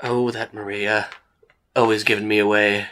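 A man's voice: lowish voice, little pitch movement, normal speed, sharp tone, a little hiss or hum. A man voicing a pompous, flamboyant male theater director in a tabletop game. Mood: theatrical.

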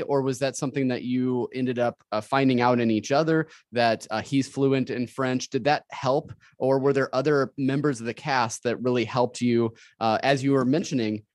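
A man hosts a podcast and interviews a guest. His questions run long and meander, with easy fillers. His voice is mid-pitched and the recording is dry. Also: fairly even intonation, moderate pace, few pauses, no room sound. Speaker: podcast host.

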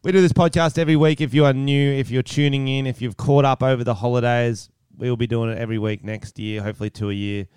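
A man's voice: mid-range voice, fairly even intonation, fast, hardly any pauses, darkish tone, clear, resonant tone, no room sound, studio quality. A man co-hosting a comedy podcast, joking crudely and laughing often. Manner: giggly, teasing, jokey. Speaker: podcast co-host.

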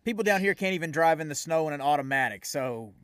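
High, bright-voiced podcast host. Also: male voice, lively intonation, quick pace. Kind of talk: casual interview chat.

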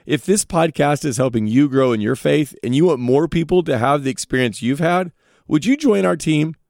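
A man's voice: on the high side, animated, normal speed, vocal fry, darkish tone, no room sound, studio quality. A man hosting a podcast, giving earnest devotional Bible teaching and putting direct questions to his listeners.

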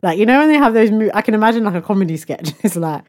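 A woman's voice: mid-range voice, animated, rapid-fire, a little mellow. A young woman co-hosting a podcast in casual chat, talkative, laughing often and stretching words for emphasis. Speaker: podcast co-host.

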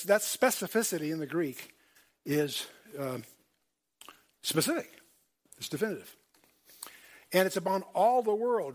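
A man teaching a Bible study lecture, emphatic, repeating key points and checking in with his audience. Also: high voice. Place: lecture hall with screen.

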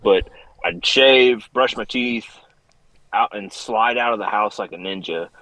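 A deep-voiced man trades stories as a former Air Force training instructor. His telling is relaxed and self-mocking, and he sounds close to the mic in a dry, dead room. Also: measured pace, no room sound, poor audio. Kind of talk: casual podcast chat.

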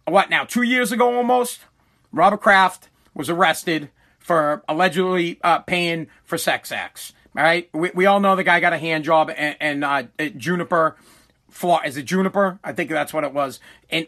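Middle-aged man, high bright voice, blunt profane ranting host. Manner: profane, blunt, rambling storyteller. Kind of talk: ranting comedic monologue.

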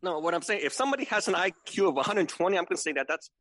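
A man's voice: high voice, very animated, racing, a bit bright, dry recording, poor audio. A man in his forties, a podcast guest, who stammers, repeats his words and keeps asking "right?" for agreement. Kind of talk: casual remote chat.

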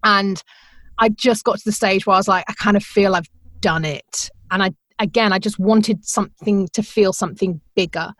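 A middle-aged woman, a radio presenter, telling her career story in a chatty, animated way, laughing often and acting out the voices she quotes. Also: mid-range voice, normal speed, dry recording, clean studio sound. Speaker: podcast guest, radio presenter. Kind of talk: conversational storytelling.

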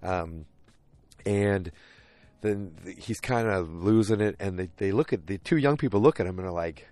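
A man's voice: deep voice, normal speed, a little mellow, no echo. A man casually recapping a TV episode, rambling along with lots of fillers and restarts.

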